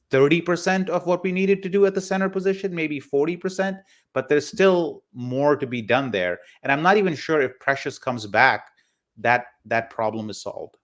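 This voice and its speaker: A man hosting a live basketball show, giving casual analysis in a halting way, often repeating words as he thinks. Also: medium pitch. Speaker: basketball podcast host.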